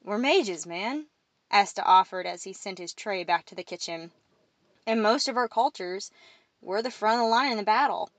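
A woman's voice: medium pitch, expressive, normal speed, dry recording. A woman playing a blunt young mage. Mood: matter-of-fact. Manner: offhand, matter-of-fact. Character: blunt young male mage student, matter-of-fact.

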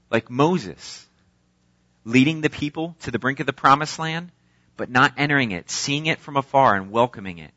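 A man's voice: mid-range voice, moderate pace, bright, forceful tone, dry recording. A man preaching a sermon. He reads scripture aloud and then explains it in an earnest, emphatic way, with an occasional filler. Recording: dull lo-fi, dry sound.

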